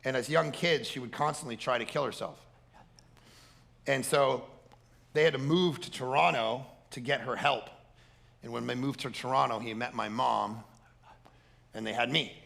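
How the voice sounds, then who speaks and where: A male pastor preaching with a gravelly, bright voice. He tells stories in an animated way and prays in a quiet, earnest one. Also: medium pitch, normal speed, pauses often. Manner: animated storytelling, turning to a quiet prayer. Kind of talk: sermon.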